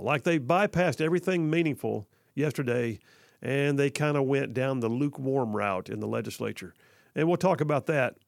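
A man's voice: medium pitch, creaky, no room sound. A man hosting conservative talk radio from a studio, upbeat and jokey, rambling with fillers. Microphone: studio mic.

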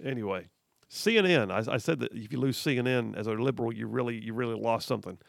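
Reading headlines aloud on political talk radio, a host mocks them sarcastically and laughs often. His mid-range voice is fast with vocal fry. The studio sound is clean, with no room sound.

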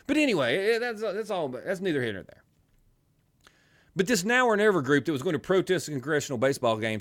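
A middle-aged radio host with a twangy Southern drawl from Alabama, talking in an animated, rambling way. His voice sits a bit high for a man and swings widely in pitch. He keeps drifting into joking asides. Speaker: radio talk show host. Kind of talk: casual talk radio banter.

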